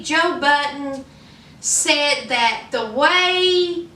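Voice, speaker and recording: A woman's voice: high voice, sharp tone, far from the mic, slight background noise. A woman chatting through celebrity gossip as a vlogger, drawling and calling her viewers honey and y'all. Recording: roomy and off-mic.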